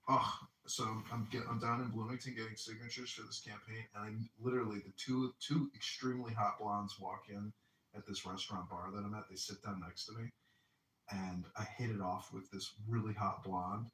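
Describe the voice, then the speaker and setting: A man's voice: fairly low pitch, fairly even intonation, normal speed, a bit bright. Man rambling in an echoey room. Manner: rambling, boastful storyteller, laughs at own jokes. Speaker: podcast host and political candidate. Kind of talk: casual podcast banter. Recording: echoey room, distant mic, faint noise.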